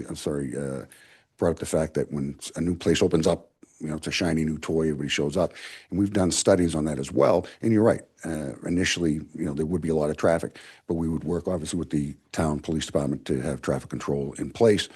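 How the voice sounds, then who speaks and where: An older man with a Boston accent, a retired police captain turned security consultant, giving halting, mumbling public comment at a town council meeting. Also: a bass voice, a little mellow, husky. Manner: mumbling, halting with frequent uh fillers.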